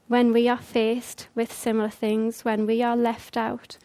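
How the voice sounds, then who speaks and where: A woman's voice: fairly high pitch, completely flat delivery, measured pace, mellow. A woman preaching a conversational sermon, earnest and full of rhetorical questions.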